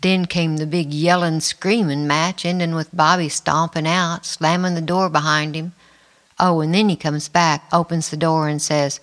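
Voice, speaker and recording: A middle-aged woman narrating her own life story in the first person, quiet and reflective. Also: deep voice, steady tone, normal speed. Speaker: memoir narrator. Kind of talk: first-person memoir reading.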